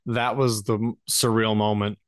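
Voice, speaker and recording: A man's voice: fairly low pitch, flat delivery, moderate pace, dry recording, studio quality. A young man, a new father, chatting casually as co-host and acting out quotes with a self-deprecating humor. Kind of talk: casual chat.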